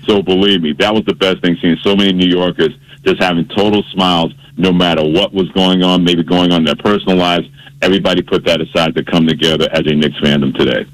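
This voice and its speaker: Deep-voiced man on sports radio. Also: steady tone, quick pace, low-quality recording. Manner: playful, teasing, storytelling. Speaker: radio show host. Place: radio studio. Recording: radio broadcast.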